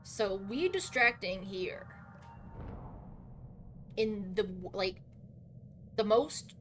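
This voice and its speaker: A woman streaming a game live, talking loudly and exasperated, swearing a lot and laughing between outbursts. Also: medium pitch, lively intonation, drawn-out words, faint music behind. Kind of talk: live gameplay commentary.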